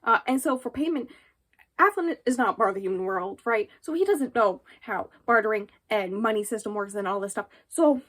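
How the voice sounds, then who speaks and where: High-voiced woman rambling about a book. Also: moderate pace. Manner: rambling, animated retelling with many fillers. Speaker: book reviewer. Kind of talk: casual book review vlog.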